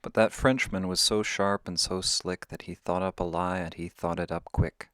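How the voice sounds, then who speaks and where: A man's voice: low voice, fairly even intonation, normal speed, fairly bright tone, smooth, dry recording. A man telling a half-true story in a wry, conversational way. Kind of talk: oral storytelling.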